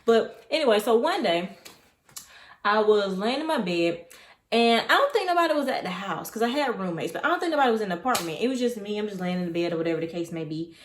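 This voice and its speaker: A young woman recounts a personal story in a loose, conversational way, looping back and going off on side notes. Her pitch sits in the middle of the range. The sound has a noticeable room echo. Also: fast talker. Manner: chatty, digressive, animated retelling. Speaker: vlogger. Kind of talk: casual storytime. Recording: echoey room.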